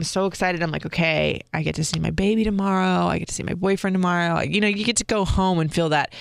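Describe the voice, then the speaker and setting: A woman is telling viewers a personal story, open and expressive as she goes. Her voice is smooth and clear. The recording is dry and close. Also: on the low side, no room sound. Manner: candid and expressive, talks straight to viewers. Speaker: vlogger.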